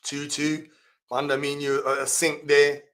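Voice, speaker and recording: A man's voice: a little high, completely flat delivery, moderate pace. Chatty man on a live stream. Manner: chatty, laughs often, reacts loudly to comments. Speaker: fantasy football streamer. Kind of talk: live stream chat reading viewer comments.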